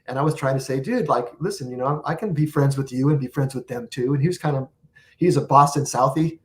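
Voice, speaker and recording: A man in a casual interview, spinning a long story about life on tour. He jumps between scenes and acts out the lines of the people in it. His voice sits in an ordinary middle pitch. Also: fast talker, slight background noise. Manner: rambling anecdotes with acted-out quotes. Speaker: guest musician.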